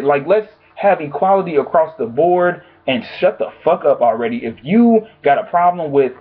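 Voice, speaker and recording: A vlogger speaks straight to camera from home, offering blunt, profane, exasperated opinions. His slightly high voice is husky with lively intonation, moving at a moderate pace with hardly any pauses, and the audio is thin and phone-like.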